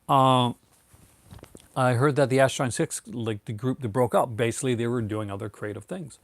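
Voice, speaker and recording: A laid-back man in his thirties chats on a live stream, rambling along with fillers, restarts and the odd "man". His voice sits at a middle pitch and sounds dry and close, with no room around it. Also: moderate pace, no room sound. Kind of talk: casual live-stream chat, answering viewers.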